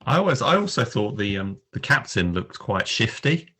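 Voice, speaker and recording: A man with a very low voice chats about films on a podcast. The tone is bright but husky, and he pauses often on "uh" and "um" as he works through what he wants to say. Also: very animated. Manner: hesitant, many fillers, recalls cast trivia. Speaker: podcast co-host. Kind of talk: casual film review chat.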